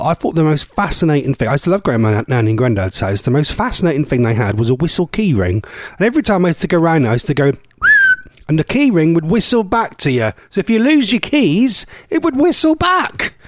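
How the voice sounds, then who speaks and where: An English radio host rambles through his live local show in a relaxed, chatty manner, poking fun at himself along the way. His voice sits on the high side, recorded dry on a studio mic in the radio studio.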